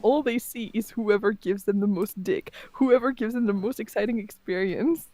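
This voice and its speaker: A woman's voice: mid-range voice, moderate pace, warm tone, no echo, rough recording. A woman co-hosting a podcast, chatting casually and reading a post aloud in a mocking tone, laughing often and swearing. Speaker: podcast co-host.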